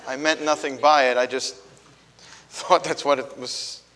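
A man's voice: mid-range voice, fairly even intonation, measured pace, sharp tone. A man with a New York accent delivers a sermon from the pulpit, his voice sitting in the middle of the male range. He speaks in a conversational way, with plenty of fillers and self-corrections. Long church reverb trails behind each phrase. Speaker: guest preacher. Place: church sanctuary.

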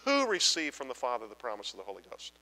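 A man's voice: medium pitch, huge pitch swings, quick pace, creaky, bright, forceful tone, big-room sound, low-quality recording. A man preaching a Bible-teaching sermon, emphatic and asking the congregation repeated questions.

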